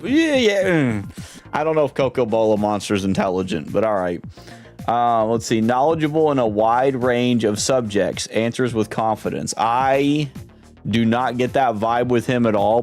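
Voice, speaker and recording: A man's voice: medium pitch, a little mellow. Young male streamer, rambling, amused commentary, faint game music underneath. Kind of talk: casual gaming commentary.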